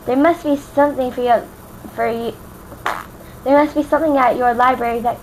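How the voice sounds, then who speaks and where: A woman doing a timid, squeaky pegasus mare. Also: steady tone, brisk, darkish tone, slight background noise, natural voice, low-quality recording. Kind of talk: fan reading with voiced characters.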